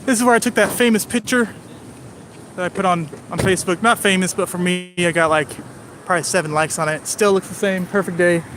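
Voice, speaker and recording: A man's voice: high voice, fairly even intonation, fairly quick, background noise. A man chatting casually to live-stream viewers while driving around town, rambling and joking as he goes. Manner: rambling, jokey, talks to chat viewers nonstop. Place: in a car driving through city streets.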